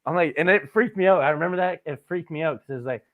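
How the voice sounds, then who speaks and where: A man's voice: on the high side, quick pace. Casual, swearing man on a tinny line. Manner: rambling, profane, laughs at his own stories. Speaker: podcast host. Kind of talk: casual storytelling chat. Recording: tinny phone-like sound.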